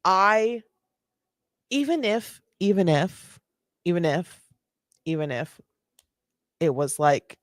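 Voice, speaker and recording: A woman's voice: lowish voice, expressive, slow, long pauses, dry recording, clean studio sound. A woman hosting reaction commentary in a chatty, self-deprecating way, often laughing. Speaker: host reacting to videos.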